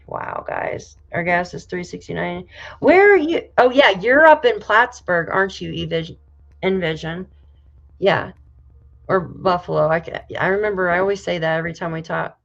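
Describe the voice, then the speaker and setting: A woman from New York State hosting a casual livestream, reading viewer comments aloud and reacting with loud exclamations and casual swearing. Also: on the low side, gravelly. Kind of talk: casual live chat. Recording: slightly dull lo-fi audio.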